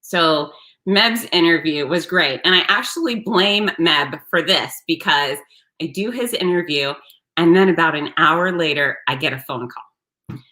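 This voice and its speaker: A woman hosting her own show, telling a story in a blunt, salty, animated way. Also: low voice, measured pace. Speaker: host. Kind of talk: casual storytelling monologue.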